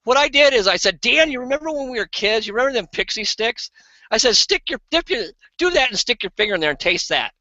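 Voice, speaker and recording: A man co-hosting an online product hangout, telling casual stories with lively acted-out quotes. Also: fast talker, no echo, highs cut off. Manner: animated, acts out quoted people in higher voices. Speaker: co-host of an online sales hangout. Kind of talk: casual storytelling and sales pitch. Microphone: video call.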